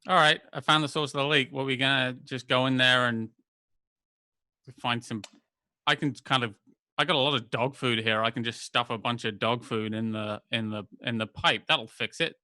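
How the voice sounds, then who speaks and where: A man playing in a tabletop role-playing game, joking with deadpan one-liners. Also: mid-range voice, normal speed, dry recording. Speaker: player. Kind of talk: tabletop role-play banter.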